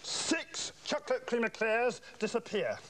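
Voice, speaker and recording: A man's voice: very high-pitched, big pitch swings, a little slow, fairly bright tone, a little hiss or hum. Theatrical, pompous comic man. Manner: pompous, theatrical patter with chanted spells. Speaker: comic visiting salesman. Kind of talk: slapstick children's comedy acting.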